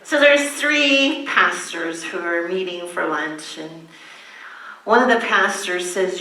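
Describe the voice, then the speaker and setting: Woman pastor preaching slow and gentle, bright voice, sounds roomy and a bit off mic. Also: on the low side, far from the mic. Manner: gentle, emphatic teaching with quoted prayers. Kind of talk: sermon. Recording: echoey room, voice from the mic.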